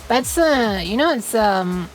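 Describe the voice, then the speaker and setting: A woman's voice: a little high, animated, slow pace, faint music behind. A young woman streaming a game, chatting casually in a rambling, giggly way with lots of restarts. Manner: rambling, giggly, self-interrupting. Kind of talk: casual live-stream chat while gaming.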